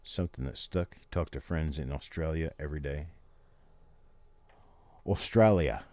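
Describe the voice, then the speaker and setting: A man's voice: extremely low pitch, fairly even intonation, a little fast, a little mellow. An older man hosting a live stream from his home in casual chat, rambling and folksy with chatty asides. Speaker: host.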